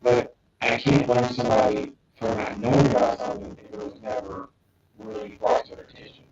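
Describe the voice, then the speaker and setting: A man's voice: mid-range voice, sing-song, a little fast, vocal fry, darkish tone, faint music behind. A man co-hosting a podcast, rambling through his thoughts with many ums and restarts. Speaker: podcast co-host. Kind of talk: casual podcast discussion. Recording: distant, echoey, dull remote audio.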